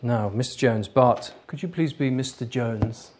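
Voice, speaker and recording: Lively male workshop lecturer. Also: medium pitch, measured pace, noisy background. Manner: lively, explanatory, laughs easily. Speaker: lecturer, trainer.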